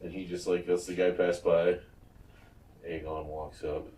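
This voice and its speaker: A man's voice: sits low, little pitch movement, a little slow, mellow, reverberant, far from the mic, rough recording. A man co-hosting a podcast, casually retelling scenes from a TV episode with loose fillers and some swearing. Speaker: podcast co-host. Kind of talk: casual chat recapping a TV episode.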